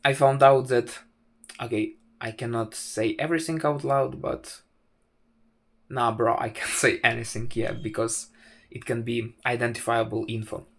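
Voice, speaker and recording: A young man at an unhurried, halting pace. He keeps stopping on fillers and restarting his sentences, and he tells the story in a wry, self-mocking way. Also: medium pitch, level tone, fairly bright tone. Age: 20s. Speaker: vlogger. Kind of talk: casual storytelling to camera.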